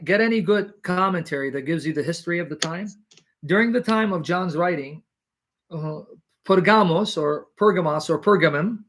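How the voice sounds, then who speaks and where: A man making an emphatic theological argument as a Christian apologist, full of rhetorical questions and pauses to clear his throat. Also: on the high side, a bit bright.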